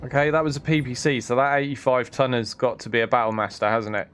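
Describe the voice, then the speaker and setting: A man's voice: mid-range voice, level tone, fast, fairly bright tone, a little hiss or hum. A man casually commentating on his gameplay, thinking aloud and often chuckling. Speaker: streamer.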